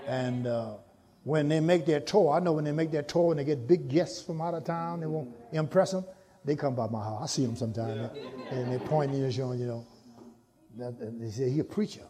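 A man preaching a sermon, calling to the congregation for answers and climbing into shouts. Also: mid-range voice, brisk. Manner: call-and-response preaching, rising to shouts.

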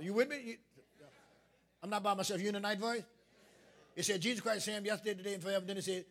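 A man's voice: sits high, fairly even intonation, fast, creaky, long pauses, a bit bright. A man preaching a sermon as pastor, calling out questions to his congregation and building up to emphatic points. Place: church sanctuary.

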